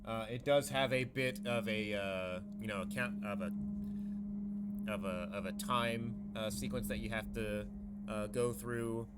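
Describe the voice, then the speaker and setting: A man narrating a tabletop game as game master, halting with many fillers and restarts. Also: fairly low pitch, heavy background noise.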